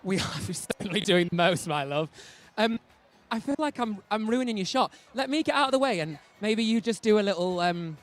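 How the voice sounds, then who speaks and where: Excitable male presenter. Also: high voice, moderate pace, faint music behind. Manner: excitable, gushing. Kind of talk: live broadcast presenting. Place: outdoor festival park.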